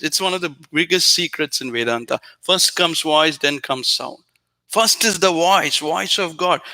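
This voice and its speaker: Guy teaching spiritual stuff, high voice, super bright, keeps asking did you get that. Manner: earnest, repetitive, direct address to listener; chants Sanskrit phrases softly. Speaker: spiritual teacher, show host. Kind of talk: teaching talk answering a viewer.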